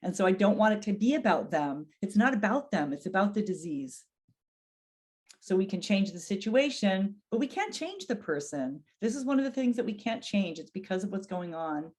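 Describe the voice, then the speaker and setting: A woman's voice: mid-range voice, big pitch swings, normal speed, darkish tone. A middle-aged woman giving an educational webinar on dementia care, speaking earnestly and acting out example phrases in a raised voice.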